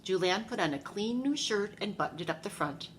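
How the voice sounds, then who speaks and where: A preschool teacher, a woman, reads a picture book aloud to young children in an animated storytelling voice. She pauses to ask them questions as she goes, at a middle pitch. Faint room noise sits behind her. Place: classroom.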